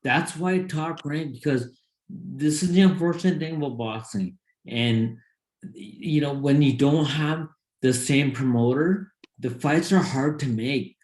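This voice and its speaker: A man co-hosting a boxing podcast in casual sports chat, rambling and excited, talking in bursts. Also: fairly high pitch, a little slow. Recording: roomy echo.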